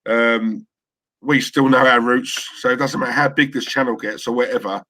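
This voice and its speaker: East London bloke, bright and punchy, enthusiastic fan-stream co-host. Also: male voice, mid-range voice, steady tone, moderate pace, slight background noise. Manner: enthusiastic, repeats phrases for emphasis. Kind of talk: casual chat.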